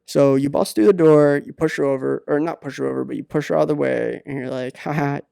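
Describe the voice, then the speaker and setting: Gravelly man rambling deadpan advice. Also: a little high, no echo, studio quality. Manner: rambling, halting, many fillers. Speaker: podcast host. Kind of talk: deadpan comedic advice monologue.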